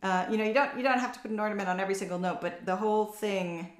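A woman's voice: mid-range voice, rapid-fire, soft background music. Lady teaching cello online, lots of ums, kinda echoey room. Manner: relaxed, explanatory, with frequent fillers and restarts. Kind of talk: online masterclass.

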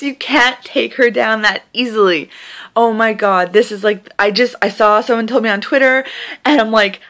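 A woman's voice: on the high side, fairly bright tone. A young woman talking to camera from bed in an emotional casual vlog, gushing, breathless and repeating herself, with laughs breaking into her words. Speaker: vlogger. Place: in bed at home.

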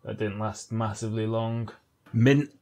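A man's voice: lowish voice, fairly even intonation, a little slow, mellow. A man co-hosting a comedy podcast, chatting casually with dry, wry quips. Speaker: podcast co-host.

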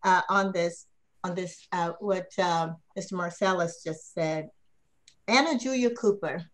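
Woman historian on a panel, fairly low voice, pauses and restarts often. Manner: thoughtful, many fillers and restarts. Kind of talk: panel discussion.

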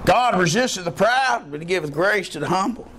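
A man preaching a sermon as pastor, telling folksy stories and climbing into excited high bursts. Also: fairly quick, slight background noise. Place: church.

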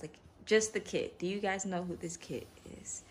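A woman hosting an unboxing vlog, talking in an excitable, gushing way and repeating herself. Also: medium pitch, moderate pace, slight background noise. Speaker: reborn doll channel host.

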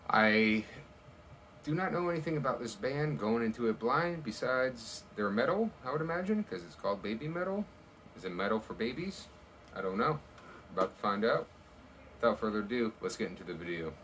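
A man's voice: mid-range voice, big pitch swings, brisk, a bit bright, distant mic, a little hiss or hum, low-quality recording. A man hosting a music reaction video, chatting casually and thinking aloud, a little unsure of himself.

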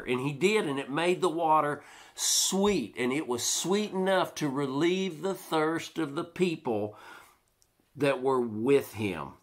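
A pastor preaching a sermon in a church, lively, now and then acting out worried voices in his quotes. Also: mid-range voice, takes it slowly. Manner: animated preaching, acts out quoted complaints.

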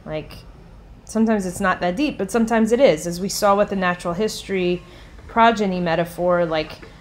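A woman's voice: fairly low pitch, fairly quick, darkish tone. A woman giving a classroom lecture in a loose, conversational way, often adding "like" and "um.". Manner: conversational, with many "like" and "um" fillers.

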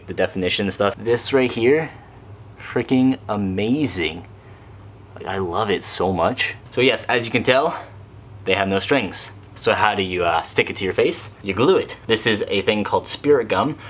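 Casting: young man, slightly low voice, casual rambling vlog review delivery. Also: a bit bright. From Canada. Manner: chatty, rambling, lots of "like" fillers. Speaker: cosplay vlogger reviewing a mask.

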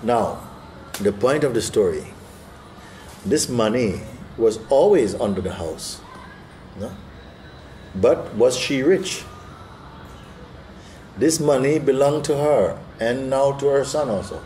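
A man and spiritual teacher telling a parable to listeners, animated and often checking in with "no?" and "you see?". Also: medium pitch, a little slow, a little hiss or hum. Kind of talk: storytelling in a spiritual talk.

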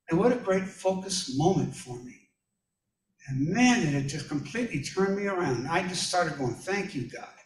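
A man preaching a relaxed, story-driven sermon with a fairly high voice. He sounds a little distant from the microphone, and the room around him is echoey and reverberant. His folksy manner sounds like he is chatting with the congregation. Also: a little hiss or hum. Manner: folksy, personal anecdotes addressed to listeners. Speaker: pastor.

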